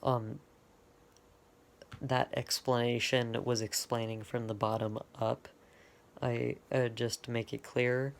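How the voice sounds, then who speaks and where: A man's voice: medium pitch, little pitch movement, slow pace, vocal fry, long pauses. A man casually retelling his own fan-made story, rambling and stopping often to correct himself. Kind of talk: off-the-cuff fan lore retelling.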